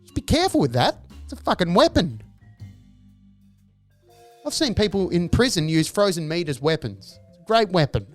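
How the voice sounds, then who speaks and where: Ranting man, lively swoops. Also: sits high, moderate pace, long pauses, soft background music. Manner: exasperated ranting, profane, acts out noises. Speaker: stand-up comedian, podcast host. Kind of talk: comedic monologue.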